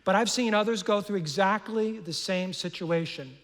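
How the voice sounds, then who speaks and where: A middle-aged man preaching a sermon as pastor, earnest, often restarting and repeating words, dropping soft and low on painful words. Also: moderate pace. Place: large church auditorium. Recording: long hall reverb.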